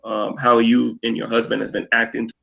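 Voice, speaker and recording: A man in a played video clip, talking straight at a rival in a confrontational monologue, halting and repeating words. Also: medium pitch, monotone, creaky, a bit bright. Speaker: video maker addressing a rival.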